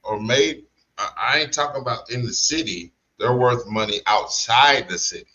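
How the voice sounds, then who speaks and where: A man talking slowly in slangy casual podcast chat, drawing out his points. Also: mid-range voice, pushed and bright, low-quality recording. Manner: slow, drawn-out storytelling with slang and restarts. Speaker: podcast co-host.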